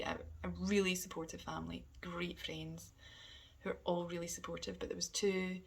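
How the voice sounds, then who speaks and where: A woman talking candidly in a personal vlog, hesitant and halting, often sinking to a soft near-whisper. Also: on the low side, gravelly, breathy edge. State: emotional. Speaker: vlogger.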